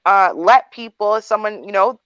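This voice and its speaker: A woman in her thirties hosts an advice livestream, telling a personal story in a blunt, candid, talkative chat. Her medium-pitched voice moves at a normal speed and is a bit bright, clear, and resonant, with no room sound. The recording itself is dry and has a dull, lo-fi quality.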